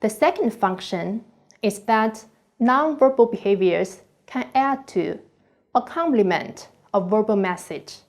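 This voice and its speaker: A woman reading a scripted online course lecture slowly and carefully, with deliberate pauses. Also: medium pitch, lively intonation, a little mellow.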